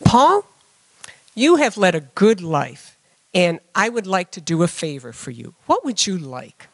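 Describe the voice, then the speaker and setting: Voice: mid-range voice, big pitch swings, moderate pace, vocal fry, no room sound. A church member voicing God as a benevolent, lofty deity in a joke. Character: booming lofty God granting a wish.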